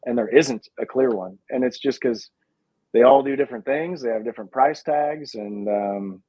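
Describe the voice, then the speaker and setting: A man's voice: mid-range voice, expressive, normal speed, no echo. Man on a muffled video call. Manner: thoughtful, hedging, many fillers and restarts. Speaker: guest, pizza dough company founder. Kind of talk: casual video chat. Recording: dull lo-fi sound.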